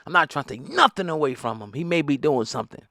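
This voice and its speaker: A man's voice: fairly high pitch, animated, fast, gravelly, pushed and bright, dry recording, studio quality. A middle-aged man, giving heated, blunt, profane commentary. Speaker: hip hop news commentator. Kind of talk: opinionated commentary.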